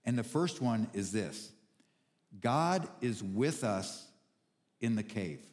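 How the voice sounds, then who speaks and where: A man's voice: on the low side, lively intonation, takes it slowly, a little mellow. A man preaching a sermon as pastor, reading scripture aloud and then teaching from it, earnest and building to emphatic points. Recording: long hall reverb.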